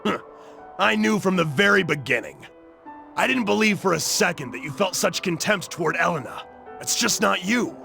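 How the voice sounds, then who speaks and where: A boisterous game brawler, loud and loyal, bright gravelly voice with lively swings. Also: male voice, sits high, moderate pace, soft background music, heavily acted. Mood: serious. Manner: loud, cheerful, hollering. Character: burly, boisterous young man, loyal companion. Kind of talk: video game voice acting.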